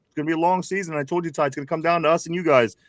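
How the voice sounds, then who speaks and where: A man's voice: a little high, fairly even intonation, very fast, no echo, studio quality. A man co-hosting a casual live sports show, reading viewer comments and laughing often. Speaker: co-host.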